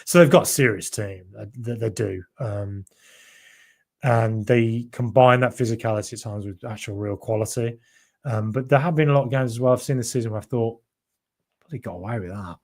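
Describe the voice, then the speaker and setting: A man's voice: fairly low pitch, a little fast, a little mellow. An English man with a mild Birmingham accent hosting a football podcast live, chatting casually with many ums and restarts, his voice tiring late at night. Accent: mild Birmingham (Brummie). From England. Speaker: podcast host reading live chat. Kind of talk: casual live-stream chat.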